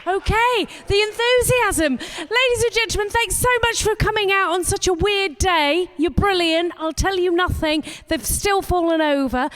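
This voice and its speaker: A woman hosting a comedy night, wrapping up the show in a brisk, chatty way and plugging upcoming events. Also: extremely high pitch, a bit bright. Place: comedy venue stage.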